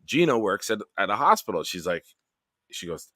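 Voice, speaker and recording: A man hosting a late-night live stream hangout, telling stories in a profane, animated way. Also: lowish voice, fairly quick, no room sound, clean studio sound. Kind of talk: casual late-night storytelling.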